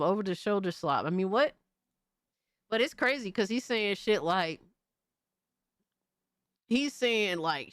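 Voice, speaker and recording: A woman streamer giving casual commentary, animated and mocking, swearing freely. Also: mid-range voice, clear, resonant tone, no echo, clean studio sound.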